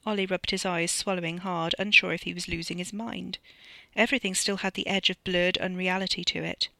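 An author reading their own novella aloud as measured, scripted narration. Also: mid-range voice, level tone, creaky, pushed and bright, dry recording. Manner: measured storytelling.

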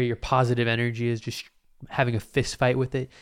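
A man's voice: mid-range voice, level tone, fast talker, clean tone. A man hosting his own podcast alone, rambling in a self-mocking way and swearing often. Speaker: podcast host. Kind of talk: casual solo podcast monologue.

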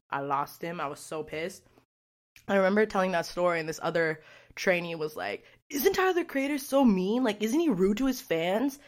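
A young woman talks straight to her viewers in a loose, rambling vlog style. Her voice sits a little low for a woman, and she swears freely and keeps dropping in "like" as she goes. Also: fairly bright tone. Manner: chatty, profane, rambling storytelling with frequent fillers. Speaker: vlogger. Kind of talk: casual vlog chat.

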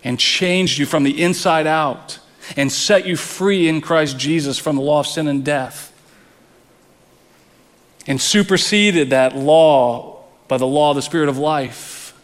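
A man's voice: a little high, a little slow, long reverb tail. A man preaching a sermon as pastor, earnest, often repeating words as he presses a point.

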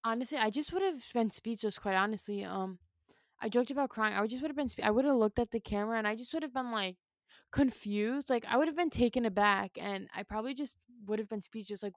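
Higher-voiced woman rambling on a sports chat, super expressive, dry close sound. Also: brisk, no echo. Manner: expressive, rambling, many fillers. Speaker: co-host. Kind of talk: casual sports talk.

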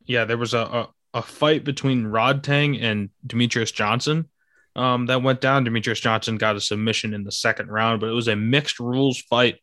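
A man's voice: mid-range voice, fairly even intonation, normal speed, sharp tone, no echo, clean studio sound. A young man hosting a casual podcast chat, reading news items aloud with lots of fillers. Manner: laid-back, filler-heavy, reads news items aloud. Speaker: podcast host.

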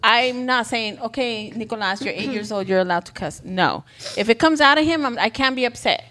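A woman in her thirties with a fairly high voice co-hosts a casual chat. She is animated and jokey, swears freely and switches into Spanish now and then. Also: brisk. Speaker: podcast co-host.

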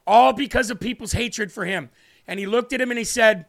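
A man's voice: high-pitched, brisk, gravelly, fairly bright tone. A man hosting a live stream, giving earnest, repetitive political commentary while tearing up. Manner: earnest, repetitive, tearful emphasis. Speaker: livestream host.

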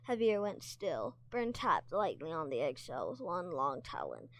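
Lively woman reading a story aloud. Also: lowish voice, measured pace. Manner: expressive, stumbles over words. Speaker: reader and teacher.

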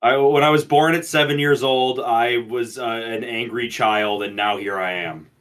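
A man co-hosting a podcast in casual banter, reacting to a story with loud, joking outbursts. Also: mid-range voice, steady tone, normal speed. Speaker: podcast co-host.

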